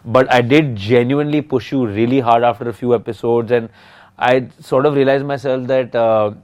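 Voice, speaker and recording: A man's voice: medium pitch, steady tone, normal speed, darkish tone, lo-fi sound. Rambling, joking man, sleep-deprived. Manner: rambling, joking, self-interrupting. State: tired from lack of sleep. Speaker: podcast co-host. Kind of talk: casual couple's podcast chat.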